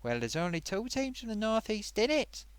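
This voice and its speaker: A man's voice: high-pitched, big pitch swings, moderate pace, clean tone, dry recording. A man hosting a casual live stream, chatting and reading out viewer comments.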